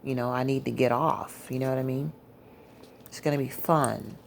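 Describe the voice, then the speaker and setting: A tired woman telling a personal religious testimony in a rambling, halting way, full of fillers. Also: extremely low pitch, steady tone, vocal fry, a little hiss or hum. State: tired, yawning. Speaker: Christian testimony speaker.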